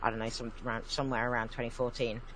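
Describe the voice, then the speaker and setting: A man's voice: mid-range voice, level tone, rapid-fire, a crowd in the background, low-quality recording. A man in casual, joking chat who laughs often. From United Kingdom.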